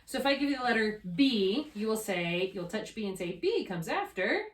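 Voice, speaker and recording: A woman tutoring a child in reading, encouraging, patient and gently correcting. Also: medium pitch, animated, brisk. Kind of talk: one-on-one tutoring session. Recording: far-off mic in an echoey room with faint noise.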